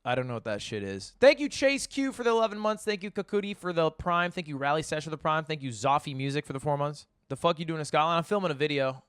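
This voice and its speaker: A man's voice: on the high side, lively intonation, quick pace, few pauses, a bit bright, clear, resonant tone, no room sound, clean studio sound. A man streaming live, chatting casually and rambling through jokes and stories to his chat. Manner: rambling, joking, talks to chat.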